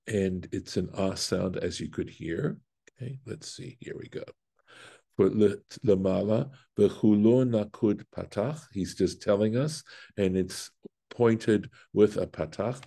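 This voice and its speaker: A man's voice: fairly low pitch, gravelly, mellow. A man, a rabbi, teaching a Torah lesson, reading Hebrew aloud and explaining it step by step, with fillers and self-corrections. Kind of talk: Bible study lesson.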